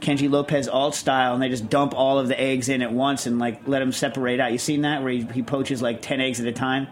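A man's voice: mid-range voice, little pitch movement, fairly quick, a little hiss or hum. A man co-hosting a casual chat podcast, rambling and ranting with lots of fillers and self-deprecating asides. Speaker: podcast co-host.

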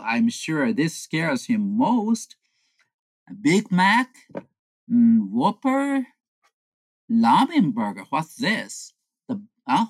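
A woman's voice: no room sound, full character voice. A woman voicing scheming young male friends who plot a prank. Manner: conspiratorial, low and deliberate. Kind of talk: comic storytelling.

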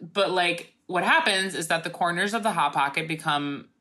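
A woman's voice: fairly low pitch, moderate pace, a loud crowd. A woman co-hosting a casual podcast, sarcastic and profane, rambling with lots of fillers. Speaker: podcast co-host.

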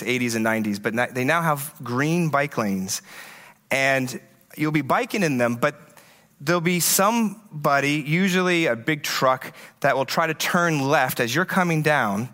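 A man preaching a conference sermon, telling stories in a conversational, animated way with frequent restarts. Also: on the high side. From USA. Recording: echoey hall with long reverb.

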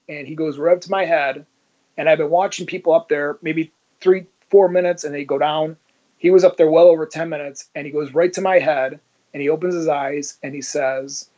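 A man's voice: on the high side, steady tone, moderate pace, dark tone. A man telling his story as a guest in casual, blunt talk, swearing freely and acting out the dialogue he quotes. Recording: dull lo-fi audio.

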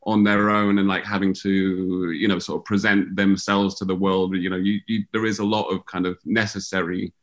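A man's voice: low-pitched, level tone, normal speed, few pauses. A man, a musician guest on a video call, talking in a rambling, hesitant way full of fillers. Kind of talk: casual conversation.

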